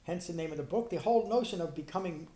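Middle-aged male Buddhist teacher, earnest and emphatic, mellow tone, echoey room. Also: high voice, quick pace. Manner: earnest, restarts sentences, emphatic on key points. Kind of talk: dharma talk explaining a sutta. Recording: roomy echo.

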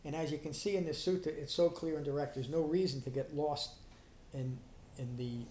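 Middle-aged male Buddhist teacher, earnest and emphatic, mellow tone, echoey room. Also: a little high, fairly even intonation, a little fast, slight background noise. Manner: earnest, restarts sentences, emphatic on key points. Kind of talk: dharma talk explaining a sutta. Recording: roomy echo.

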